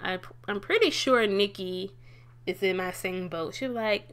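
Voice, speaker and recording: A young woman giving casual, chatty commentary while playing a life-sim game, talking straight to her characters. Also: a little slow. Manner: chatty, talks to the game characters, bursts of excited high pitch. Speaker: let's play gamer.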